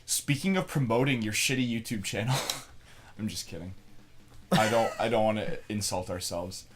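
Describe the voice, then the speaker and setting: A man's voice: fairly low pitch, moderate pace. A young man co-hosting a casual podcast, telling a story with crude swearing and frequent laughter. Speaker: podcast co-host.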